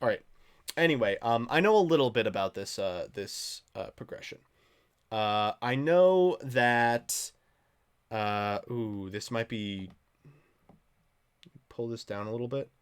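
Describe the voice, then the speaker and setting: A man streaming from home, telling a story in casual chat, animated and swearing freely. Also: mid-range voice, unhurried, long pauses, clear, resonant tone.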